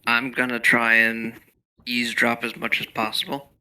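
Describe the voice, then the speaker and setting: A man's voice: medium pitch, flat delivery, moderate pace, sharp tone, rough recording. A man taking part as a player in a tabletop game, joking and laid-back. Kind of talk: casual game chat.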